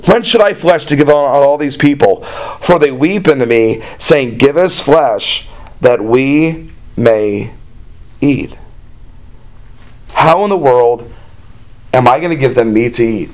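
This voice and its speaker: A man delivers a sermon in a plain, folksy way and slips in imagined dialogue. His voice sits at an ordinary middle pitch. When he reads scripture aloud, he raises his voice and grows more animated. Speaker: preacher.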